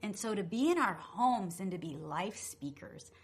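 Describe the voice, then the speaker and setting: A middle-aged woman co-hosting a radio talk show, telling a story in a feisty, expressive way. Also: medium pitch, moderate pace, breathy edge. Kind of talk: casual storytelling chat.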